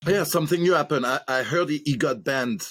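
A man's voice: on the high side, brisk, fairly bright tone. A man as a podcast guest, apologetic and self-deprecating. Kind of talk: casual podcast chat.

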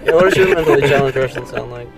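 A man's voice: racing, vocal fry, music in the background. A young man co-hosting a podcast, joking around and swearing freely in casual banter. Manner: joking, swears freely, bursts into silly high accents. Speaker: podcast co-host.

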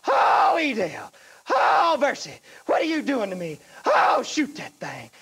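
A man's voice: huge pitch swings, a little slow, creaky, fairly bright tone, breathy edge, heavily acted. A man from Mississippi voicing an old country woman who shrieks and wails in distress, with a Mississippi accent. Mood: shrieking. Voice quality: shrill wailing cries.

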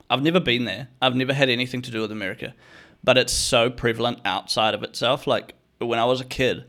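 Young male host, casual comic storyteller, profane and slangy, talks straight to the listener. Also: medium pitch. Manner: animated, swearing, slangy, addresses listener as bro. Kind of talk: casual comedic storytelling rant.

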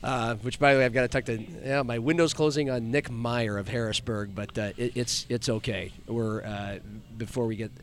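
A man hosting a casual sports podcast in a mid-pitched, ordinary voice. He often stops and restarts his sentences while he works out his point. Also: fairly even intonation. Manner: halting, many restarts. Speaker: podcast host.

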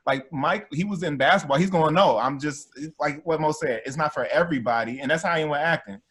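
A man who coaches spirituality, talking in a casual chat, amped and animated, laughing often. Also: fairly high pitch, fairly quick, breathy edge. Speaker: spiritual coach and former actor.

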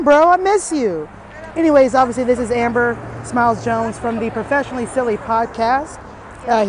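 A woman's voice: on the high side, slight background noise. A woman leaving a playful, teasing voice message for a podcast host. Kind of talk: casual voice message.

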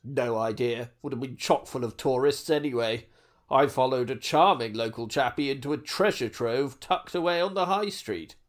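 A man playing a pompous, clueless upper-class man in a comedy sketch, with a deadpan, mock-scholarly delivery. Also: mid-range voice, normal speed, pitched below the performer's own voice, lightly acted.

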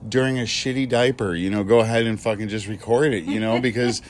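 A man's voice: lowish voice, steady tone, fast, a little hiss or hum. A man co-hosting a comedy podcast, chatting in a laid-back, slangy way. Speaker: podcast co-host. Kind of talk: casual comedic podcast chat.

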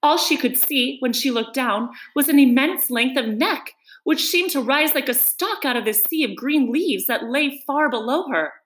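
A woman reads a children's storybook aloud, her pitch swinging in a lively, animated way. She narrates with an expressive storyteller's manner. The room around her is echoey. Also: normal speed, few pauses. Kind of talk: reading a children's book aloud.

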